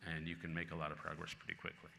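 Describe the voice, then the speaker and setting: A man's voice: rumbling low, very fast, vocal fry. A man in his sixties answering audience questions at a conference, telling stories with bursts of laughter. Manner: lively anecdotal storytelling with bursts of laughter. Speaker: featured speaker, columnist. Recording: long reverb in a large hall with faint noise.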